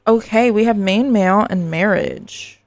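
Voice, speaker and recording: A woman's voice: mid-range voice, a little slow, dry recording. A woman giving a casual, chatty tarot reading to her viewers, full of fillers and the odd swear word. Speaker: tarot reader.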